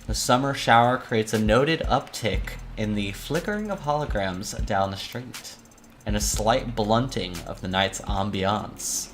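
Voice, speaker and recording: A woman's voice: a bass voice, full character voice. Woman reading out a tired cynical defense lawyer, dry noir monologue, music faint underneath. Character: weary cynical criminal defense attorney narrator. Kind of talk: visual novel read-aloud.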